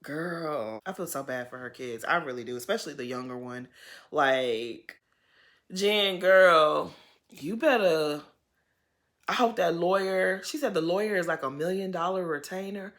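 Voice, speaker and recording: A woman giving a casual, expressive recap of a reality TV episode, speaking straight to the people on screen. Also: low-pitched, unhurried. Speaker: TV recap host.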